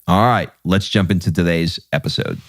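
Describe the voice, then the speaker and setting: Low-voiced joking man hosting a podcast. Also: moderate pace, no room sound, clean studio sound. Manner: energetic, joking, rant-like. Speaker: podcast host. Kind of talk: casual chat.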